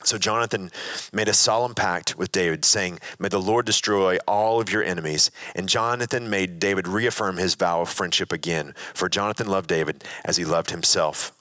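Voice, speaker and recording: A man's voice: deep voice, normal speed, sharp tone, no room sound. A man teaching a sermon in a conversational way, retelling and reading a scripture passage aloud with frequent restarts.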